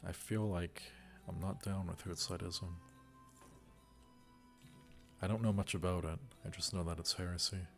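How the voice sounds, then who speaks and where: A man's voice: low-pitched, fairly even intonation, moderate pace, vocal fry, pauses often, soft background music. A man casually commenting on a strategy game as he plays, musing wryly to himself. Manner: musing, wry, talks to himself while playing. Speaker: let's play gamer.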